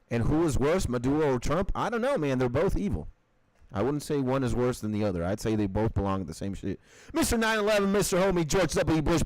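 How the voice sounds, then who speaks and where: Lively, fast-swinging male streamer. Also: mid-range voice, no echo, low-quality recording. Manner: animated, profane, repeats "like". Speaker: livestream host. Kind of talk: casual livestream rant.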